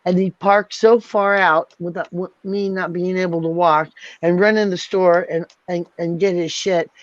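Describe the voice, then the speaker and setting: Speaking at a normal speed with fairly even intonation, a woman with a fairly low pitch hosts an angry livestream rant. She is furious and profane and keeps repeating herself as she vents. The dry recording sounds dull and lo-fi.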